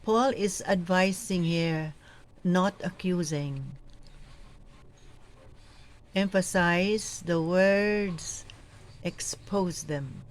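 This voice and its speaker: A woman coaching lectors and reading scripture aloud in a slow, measured, deliberate way. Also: on the low side, slight background noise, poor audio. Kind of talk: scripture reading and proclamation tips.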